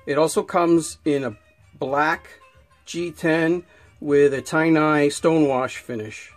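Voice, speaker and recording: A man's voice: on the high side, steady tone, slow pace, soft background music. A man giving a casual unboxing review, rambling with many restarts and fillers and getting worked up as he rants. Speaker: knife reviewer.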